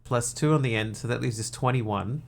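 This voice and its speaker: Man, gravelly voice, game streamer, casual chat, muttered counting, faint background hiss. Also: mid-range voice, moderate pace. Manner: thinks aloud, counts under his breath, chats with viewers.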